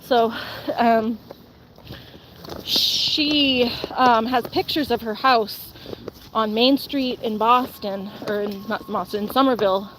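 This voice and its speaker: A woman's voice: a little high, takes it slowly, a bit bright, a little hiss or hum. Young woman streamer, casual rambly chat, faint outdoor ambience behind her. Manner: rambling, lots of "like" and "um", answers viewer comments.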